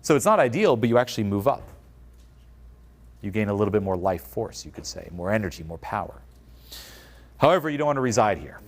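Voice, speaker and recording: A man's voice: lowish voice, a little fast, long pauses. A man giving a motivational talk at a conference, switching into quoted voices to act out examples. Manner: animated, acts out quoted voices. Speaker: speaker. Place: conference stage.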